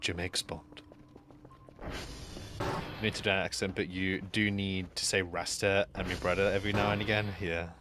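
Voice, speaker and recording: A young man streaming a game, chatting casually and rambling through a story with lots of fillers and restarts, sometimes dropping to quiet mumbled asides. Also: deep voice, level tone, normal speed, long pauses, background noise. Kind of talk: casual chat while gaming on stream.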